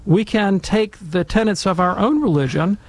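A man's voice: sits high, moderate pace, no echo. A middle-aged man telling a wry, self-deprecating anecdote, then giving theological commentary in a Catholic discussion.

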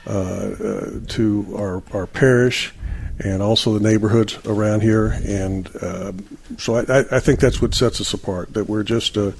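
A man's voice: fairly low pitch, fairly even intonation, measured pace, gravelly, a little mellow, husky. A man, a parish volunteer answering radio interview questions with many hesitations.

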